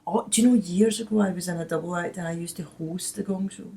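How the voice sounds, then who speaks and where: A middle-aged woman hosting a podcast in casual chat, a chatty storyteller whose voice often drops and trails off softly. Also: lowish voice, fast. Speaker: podcast host.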